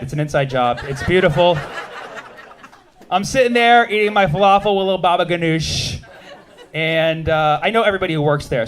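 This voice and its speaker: Punchy male stand-up comedian. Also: on the high side. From United States. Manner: punchy, quick asides, crowd banter. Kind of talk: stand-up comedy set with crowd work. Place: comedy club stage with a live audience.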